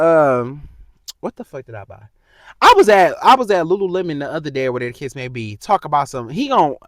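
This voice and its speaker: Young man, 20s, heated profane rant, high animated voice, dry close sound. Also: no room sound. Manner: heated, profane, talks straight to the viewer. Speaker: vlogger. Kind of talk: casual storytime rant.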